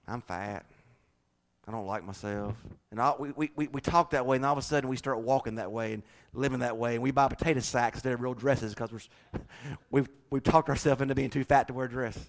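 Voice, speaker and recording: High, bright-voiced preacher. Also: male voice. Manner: preaching with dramatic swings from hushed to shouting. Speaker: pastor. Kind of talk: sermon.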